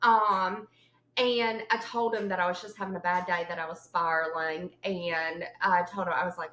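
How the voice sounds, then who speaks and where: A young woman, co-hosting a casual chat show and telling stories with lively acted-out quotes. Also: on the low side, normal speed, echoey room, low-quality recording. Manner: animated storyteller, acts out quotes with sudden yelps. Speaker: podcast co-host.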